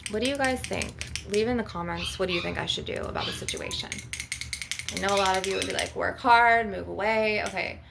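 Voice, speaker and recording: A woman's voice: medium pitch, fast, creaky, background noise. Anxious, rambling woman venting. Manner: anxious, rambling, swears a lot. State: anxious and stressed. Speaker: spiritual vlogger. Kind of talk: emotional venting vlog.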